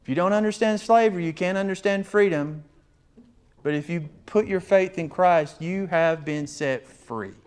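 Male pastor, sermon delivery, slightly high pitch, animated, acts out voices. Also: normal speed, clean tone.

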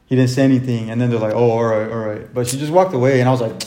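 A man's voice: medium pitch, rapid-fire, mellow. A teenage boy telling a school story to friends in slangy, profane casual chat, acting out the dialogue. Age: teens. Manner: slangy, profane, retells scenes in quoted dialogue. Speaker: podcast guest. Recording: echoey room.

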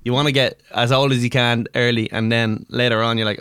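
A man's voice: mid-range voice, level tone, fairly quick, few pauses, a bit bright, clean tone, no echo. A man chatting casually on a podcast, joking, laughing and swearing. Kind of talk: casual chat.

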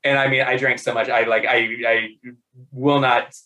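A man in casual conversation, telling funny work stories in an animated way, laughing often, with many fillers and restarts. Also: medium pitch, normal speed, rough recording. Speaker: podcast guest. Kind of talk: casual storytelling.

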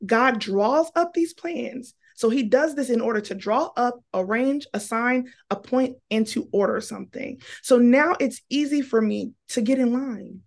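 Husky woman with vocal fry. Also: fairly high pitch, unhurried, hardly any pauses. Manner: animated, preachy, emotional storytelling. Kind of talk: casual faith chat.

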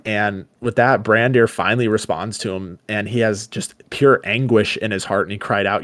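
A man with a fairly low voice co-hosts a casual podcast and retells a story in his own words. He drops into the characters' lines now and then. The sound is dry and close. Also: steady tone, moderate pace, few pauses, a bit bright, dry recording. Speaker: podcast co-host. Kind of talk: casual book discussion and retelling.

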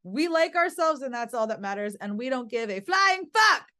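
A woman's voice: high-pitched, expressive, moderate pace, sharp tone. A woman in her thirties telling a story in casual chat, with lots of fillers and playful swearing. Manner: chatty, filler-heavy storytelling. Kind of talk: casual chat recapping a film.

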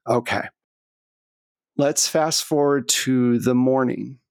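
A man's voice: mid-range voice, steady tone, slow, creaky, a little mellow, clear, resonant tone, dry recording. A man narrating a tabletop role-playing game as its game master.

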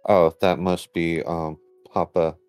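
A man's voice: deep voice, level tone, takes it slowly, darkish tone, clean tone, soft background music. A man playing a tabletop game, plainly describing what his character does. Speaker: player.

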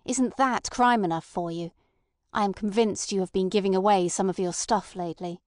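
A woman's voice: medium pitch, fairly even intonation, normal speed, darkish tone, no room sound, clean studio sound, lightly acted. A woman voicing an impatient, resentful male anarchist in an audiobook, blunt and agitated.

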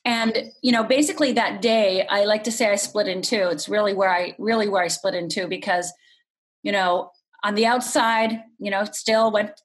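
A middle-aged woman from Upper Michigan, telling a painful personal story as a podcast guest in a candid, unhurried way. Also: medium pitch, fairly even intonation. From Upper Michigan, USA.

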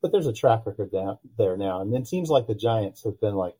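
A man's voice: on the low side, a little fast, low-quality recording. A man talking as a guest on a podcast in casual conversation, telling stories and acting out the people he quotes. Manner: animated storyteller who acts out quoted dialogue. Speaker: podcast guest, pitching analytics company founder.

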